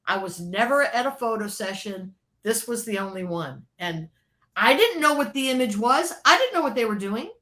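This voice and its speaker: A former record label creative director, appearing as an interview guest, recounts her art director days in relaxed, chatty stories at a normal pace. This older woman's voice sits a little high, she acts out the people she quotes, and she laughs easily as the anecdotes build.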